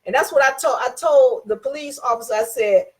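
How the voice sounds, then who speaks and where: A woman's voice: high-pitched, fairly quick. A woman giving an informal talk on contract rights. She tells a personal story, repeats herself for emphasis and acts out both sides of the dialogue.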